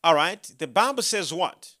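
A man preaching a sermon, telling his own story with animation, acting out his prayers and rising to loud, emphatic proclamation when he quotes scripture. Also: sits high, very animated, moderate pace.

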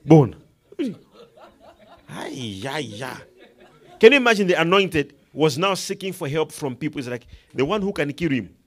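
Emphatic high-voiced male preacher. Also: big pitch swings, normal speed, pauses often. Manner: emphatic, swings from hushed to loud proclamation; quotes and acts out characters in the story, laughing. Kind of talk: sermon.

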